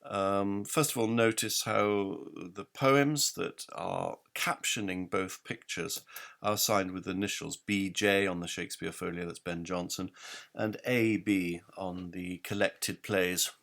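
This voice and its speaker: A man giving an explanatory lecture, halting often with ums and reading quotations aloud. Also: low-pitched, steady tone, gravelly, fairly bright tone. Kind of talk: explanatory lecture on literary history.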